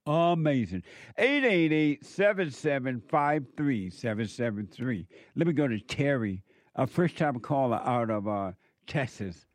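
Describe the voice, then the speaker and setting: A man hosting a call-in radio show, blunt and quick to laugh, lecturing his callers. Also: medium pitch, big pitch swings, no room sound. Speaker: radio talk show host.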